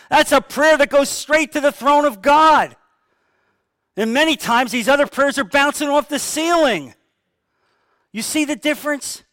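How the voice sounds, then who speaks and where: A man delivers an emphatic sermon in a fairly high voice, repeating his key points and slipping into sample prayers. The sound is dry and close, with little room echo. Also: a bit bright, clear, resonant tone. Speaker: pastor.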